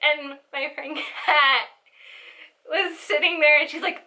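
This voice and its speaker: A young woman in her twenties tells a story with a high, bright voice. She rambles and giggles, and her telling is loose and animated. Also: slow. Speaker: vlogger. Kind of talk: casual storytelling.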